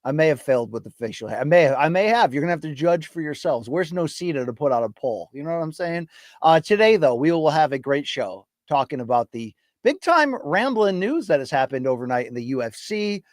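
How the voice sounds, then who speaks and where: A man's voice: fairly high pitch, sing-song, brisk, no echo, studio quality. Chatty middle-aged man rambling on a livestream. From US East Coast. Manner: chatty, self-deprecating, hypes the chat. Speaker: podcast host. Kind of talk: casual solo livestream ramble. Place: home studio. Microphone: studio mic.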